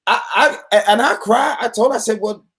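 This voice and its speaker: A man, a poet guest, telling a story in casual conversation, laughing and animated. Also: very high voice, moderate pace, husky.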